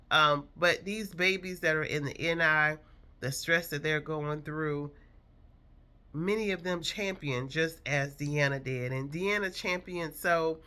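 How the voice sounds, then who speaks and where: A woman's voice: sits low, bright, forceful tone. A woman in her fifties telling a personal story from her past in an earnest, reflective, emotional way.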